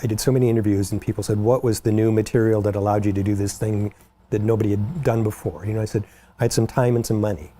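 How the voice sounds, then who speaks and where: A man's voice: lowish voice, fairly even intonation, fast, mellow, slight background noise. A man on a panel of makeup artists, chatting casually and rambling with lots of "you know".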